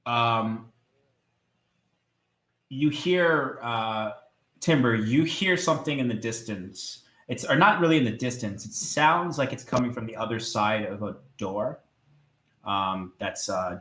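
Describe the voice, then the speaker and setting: A man narrating as game master of a tabletop game, describing scenes hesitantly with many filler pauses. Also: mid-range voice, fairly bright tone, echoey room.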